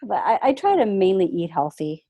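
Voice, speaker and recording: A woman's voice: medium pitch, very animated, moderate pace, dark tone, breathy edge. A woman from Quebec, an artist guest, chatting in an easygoing way and laughing often. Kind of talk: casual interview chat.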